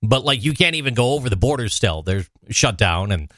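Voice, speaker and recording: Man, podcast co-host, relaxed storyteller, mid pitch, dry close sound. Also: brisk, no room sound. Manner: easygoing, relaxed storytelling, reads news aloud. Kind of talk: casual chat, storytelling.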